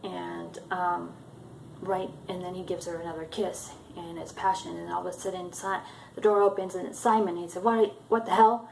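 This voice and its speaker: A woman's voice: fairly low pitch, flat delivery, moderate pace, vocal fry, a little mellow, a little hiss or hum, poor audio. A woman casually retelling a book chapter for her viewers, hesitant and full of ums and uhs. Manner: hesitant, many ums and uhs, loosely strung sentences. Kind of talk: casual spoken book recap.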